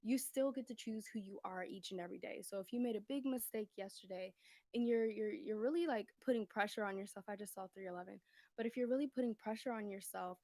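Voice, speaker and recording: A livestream tarot reader talks from her home, recorded dry on a phone, her mid-range voice carrying a darkish tone. She's a little winded, chatty and rambling, laughing frequently and asking over and over whether viewers can hear her.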